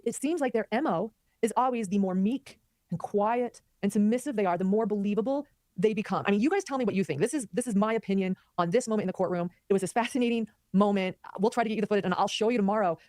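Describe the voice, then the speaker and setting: A woman hosting a live commentary stream, talking quickly and animatedly and reading viewer comments aloud. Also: medium pitch, a little mellow, dry recording, clean studio sound. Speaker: commentary host.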